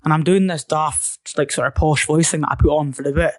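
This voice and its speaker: A young man with a Highland Scottish accent, a comedian guest telling stage stories in casual podcast chat, energetic and animated with swearing and laughs. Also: a little fast.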